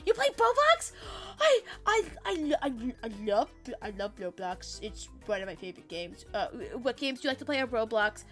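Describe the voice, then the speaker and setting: Bubbly, high-pitched woman streamer. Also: very animated, normal speed, hardly any pauses, soft background music. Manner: bubbly, playful, swears a lot. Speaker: VTuber streamer. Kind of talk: casual live-stream chat while gaming.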